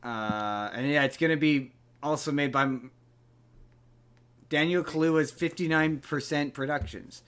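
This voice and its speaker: A man's voice: fairly high pitch, a little slow, fairly bright tone, smooth. A man hosting a podcast, chatting casually and often trailing off mid-thought. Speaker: podcast host. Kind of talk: casual chat.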